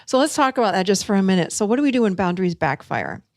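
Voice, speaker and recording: A woman hosting a solo talk show, teaching and acting out example lines in an animated way. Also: medium pitch, quick pace, no room sound, studio quality. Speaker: podcast host and coach.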